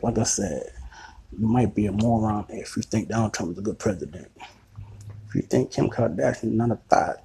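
A man's voice: on the low side, expressive, fairly quick, gravelly, mellow, a little hiss or hum. A man hosting his own podcast in a crude, boastful, rambling comedic monologue. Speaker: podcast host.

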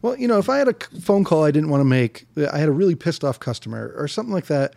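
Male host with a gravelly, somewhat high voice; laid-back, thoughtful interviewer. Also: big pitch swings, fast, warm tone. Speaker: podcast host. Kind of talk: casual interview chat.

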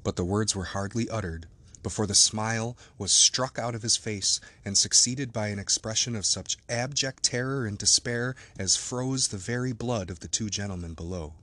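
A man narrates a classic novel in a measured, even reading. His voice sits low and steady. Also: no echo. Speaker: audiobook narrator. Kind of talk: scripted narration.

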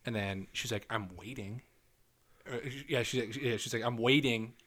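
Bright-voiced young man telling stories. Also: normal speed. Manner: animated storytelling, swears a lot, quotes texts in a lowered voice. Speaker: podcast co-host. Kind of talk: casual chat.

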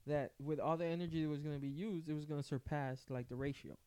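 A man's voice: fairly high pitch, fairly even intonation, fast, dark tone, clean tone, dry recording. A man, co-hosting a podcast, telling a story casually with swearing and laughter. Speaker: podcast co-host. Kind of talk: casual chat.

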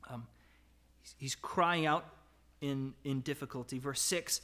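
A man's voice: medium pitch, measured pace, pushed and bright. A man preaching a sermon in a conversational way, reading scripture aloud and asking questions of his listeners. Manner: reads scripture aloud, rising to emphatic cries. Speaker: pastor.

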